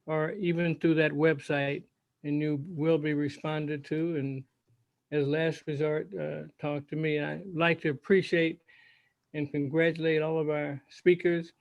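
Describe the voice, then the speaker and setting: Gravelly man hosting a video call. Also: on the high side, level tone, no echo, highs cut off. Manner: halting, spells out contact details slowly. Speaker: host of an online health forum. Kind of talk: closing remarks on a video call.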